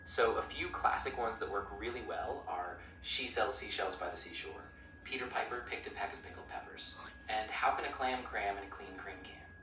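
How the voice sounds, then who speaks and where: A synthetic male voice assistant coaching pronunciation in an upbeat, encouraging way with even-paced explanations. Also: lowish voice, moderate pace. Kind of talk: friendly coaching chat. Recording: roomy, distant speaker playback with clear noise.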